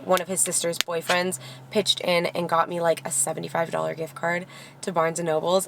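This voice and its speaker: A woman's voice: on the low side, fairly bright tone, slight background noise. A young woman vlogger telling a personal story in a candid, heartfelt way, with lots of "like" fillers. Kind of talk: casual vlog storytelling. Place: Los Angeles area.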